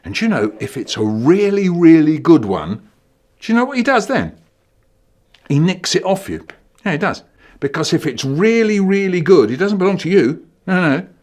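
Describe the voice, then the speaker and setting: A man spins comic stories for children. His voice bounces up and down, and he talks in a playful, animated way that breaks into loud, silly shouts. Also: on the high side, moderate pace. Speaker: comic storyteller.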